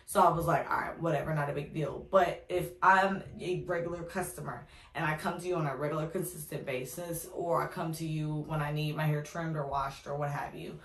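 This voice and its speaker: A woman's voice: low voice, fairly even intonation, fairly quick, hardly any pauses. A woman vlogger telling a casual storytime, candid and opinionated with ranting asides. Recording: echoey room.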